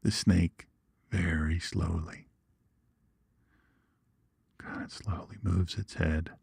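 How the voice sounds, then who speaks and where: A man who hosts a Bible teaching show, explaining Scripture through folksy, animated stories. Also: sits low, slow, vocal fry, husky, no room sound, clean studio sound. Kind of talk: teaching with lively storytelling.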